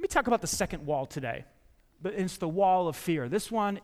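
A man's voice: sits high, lively intonation, a little fast. A middle-aged man preaching a sermon as pastor, telling personal stories with self-deprecating asides and restarts. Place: church sanctuary. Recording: long hall reverb.

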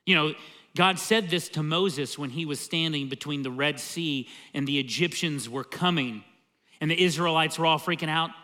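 High-voiced, bright-toned man preaching. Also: normal speed. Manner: emphatic and conversational, often opens with "See,". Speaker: pastor. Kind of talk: sermon.

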